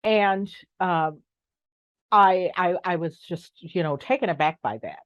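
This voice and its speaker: A woman's voice: lowish voice, a little slow, dry recording, lo-fi sound. A middle-aged woman speaking as an interview guest, frank and emphatic, sometimes reflective. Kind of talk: conversational interview.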